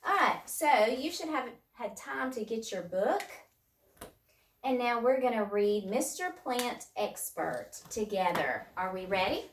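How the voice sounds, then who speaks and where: A woman teaches young children phonics at a slow, patient pace, sounding out words piece by piece. Her voice is heard from a distance in a roomy space. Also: a little high, a little hiss or hum. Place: home room, distance learning.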